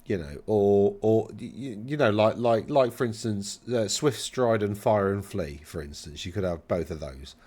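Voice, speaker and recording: Male host, lower register, casual rambling rules chat, wry and dismissive. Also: normal speed, hardly any pauses, mellow. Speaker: channel host reviewing game rules.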